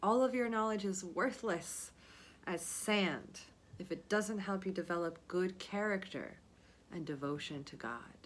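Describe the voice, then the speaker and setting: A woman voicing the lines of a bold, wise five-year-old boy in an earnest, gently questioning way. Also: on the low side, lively intonation, unhurried, a little hiss or hum.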